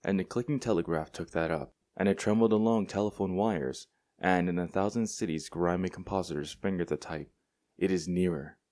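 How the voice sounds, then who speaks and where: A man reading a classic short story aloud as an audiobook narrator, in a measured, deliberate storytelling manner. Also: deep voice, darkish tone. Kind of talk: scripted narration.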